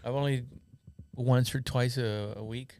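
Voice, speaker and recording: A man in a podcast conversation, speaking haltingly with lots of pauses and restarts. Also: mid-range voice, fairly even intonation, darkish tone, clean tone, dry recording, studio quality. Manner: halting, hesitant, many fillers. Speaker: podcast co-host. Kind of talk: casual podcast chat.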